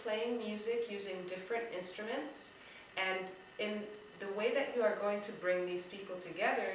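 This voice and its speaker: A woman leads a drumming lesson for young children, speaking slowly and with encouragement. Her voice is bright. It comes from some way off the mic and echoes around the room. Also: mid-range voice, far from the mic, slight background noise. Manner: slow, encouraging, talks straight to the kids. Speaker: music teacher for young children.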